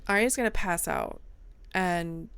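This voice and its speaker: A woman's voice: mid-range voice, unhurried, vocal fry. A woman streamer chatting casually about her role-play character, rambling and laughing often.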